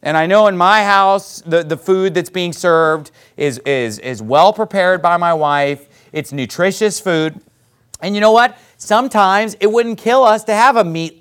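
A man preaching a sermon, reading scripture aloud and mocking whiners with exaggerated voices. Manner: preaching with animated high outbursts and scripture reading. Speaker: pastor.

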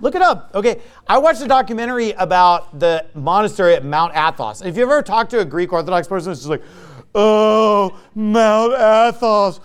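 High-voiced pastor preaching a combative sermon. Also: male voice, quick pace, hardly any pauses, smooth. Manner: lively, swings between loud and quiet.

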